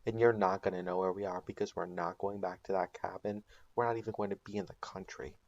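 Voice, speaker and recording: A man's voice: deep voice, fairly even intonation, quick pace, darkish tone, dull audio. A man doing a grim stubborn crime-boss father. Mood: firm. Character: grim middle-aged male meth-cook patriarch.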